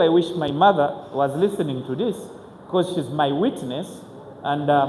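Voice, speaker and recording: A man, telling his own story to an audience as a motivational speaker, earnest and halting, with frequent restarts. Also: fairly high pitch, darkish tone. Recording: echoey hall with faint ambience.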